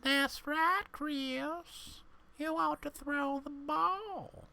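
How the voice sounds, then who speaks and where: A man voicing a gruff, grumpy cartoon man who barks impatiently at a football game. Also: extremely high pitch, extremely slow, bright, forceful tone, voice pushed up, heavily acted. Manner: barking, impatient.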